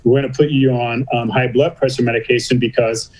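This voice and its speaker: A middle-aged man talks candidly as a guest on a podcast, his voice at an ordinary middle pitch. He tells his story by replaying what was said, slipping into other people's lines in quick back-and-forth exchanges. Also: fairly even intonation, a little mellow, dull audio. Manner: retells dialogue with doctors in quoted back-and-forth.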